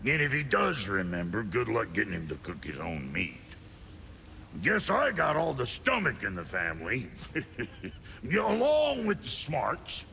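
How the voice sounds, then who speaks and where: An actor playing a crude, foul-mouthed male dwarf blacksmith in a video game, with a gruff, gravelly voice and a brash, insulting manner. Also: mid-range voice, wildly swooping pitch, measured pace, sharp tone, big-room sound, a little hiss or hum, heavily acted. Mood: grumbling.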